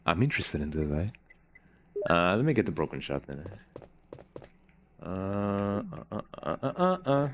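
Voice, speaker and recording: A man's voice: sits low, very animated, measured pace, pauses often, muffled recording, slight background noise. A man giving casual, rambling gameplay commentary while streaming, often tagging his sentences with "eh?" and restarting them. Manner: rambling, frequent "eh?" tag and restarts.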